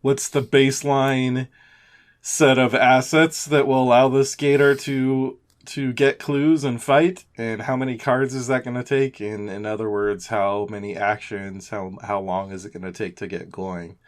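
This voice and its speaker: A man co-hosting a podcast, explaining points step by step in a relaxed, methodical way. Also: medium pitch, unhurried. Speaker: podcast co-host. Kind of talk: casual podcast chat.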